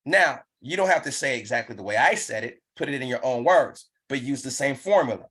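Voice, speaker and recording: A man's voice: medium pitch, animated, brisk, fairly bright tone, husky. Male business trainer, live online session, emphatic and repetitive, pushes the audience to act. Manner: pumped-up, urging.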